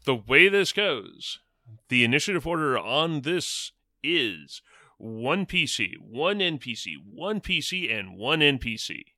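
A man narrating a tabletop game as game master, describing the scene in a measured way with frequent fillers. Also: medium pitch, big pitch swings, bright, forceful tone, no echo, studio quality.

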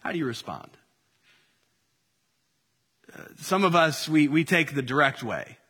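A man's voice: on the high side, sing-song, measured pace, pushed and bright, slightly rough, big-room sound. A man preaching a sermon in an easy conversational way, full of fillers and restarts. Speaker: pastor.

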